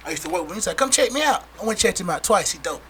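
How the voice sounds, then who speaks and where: A man hosting a podcast, talking casually and in an animated way as he hypes up his guest. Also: high voice, very fast, noisy background. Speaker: podcast host.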